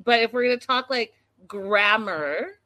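A woman's voice: fairly high pitch, lively intonation, unhurried, bright, forceful tone, no room sound. A woman from Canada hosting a casual chat, teasing and questioning her guest precisely.

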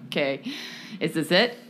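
Brief: woman co-host from California, casual chat, rambling and giggly, very lively swooping pitch. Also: slight background noise. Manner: rambling and giggly, thinks out loud. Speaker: podcast co-host.

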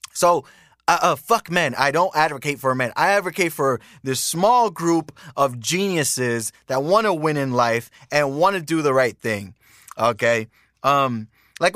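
A male podcast host rants in a casual monologue, emphatic, profane and repetitive. His voice is bright and fairly high, recorded close and dry. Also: no echo.

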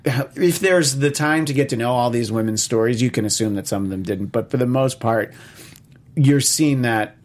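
A man's voice: medium pitch, normal speed. A man discussing an old film in casual conversation, rambling with many fillers and restarts.

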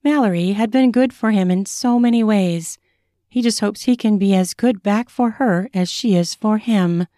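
A woman author narrates her own erotic fiction in a measured, sensual reading. Her tone is mellow and warm, recorded dry and close. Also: mid-range voice, no room sound. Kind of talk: audiobook reading.

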